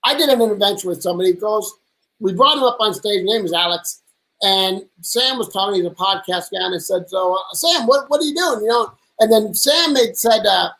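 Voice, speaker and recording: A man hosting a casual lunch conversation, an energetic storyteller who acts out the people he quotes in animated voices. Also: very high voice, moderate pace, poor audio. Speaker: host. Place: at a lunch table.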